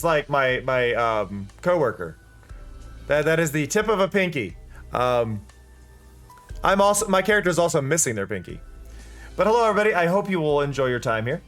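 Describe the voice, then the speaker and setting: A relaxed VTuber chatting with viewers during a game stream. The delivery swoops up and down with easy enthusiasm and frequent laughs. Soft game music sits faintly underneath. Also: mid-range voice. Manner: chill, chatty, laughs often. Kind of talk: casual game stream chat.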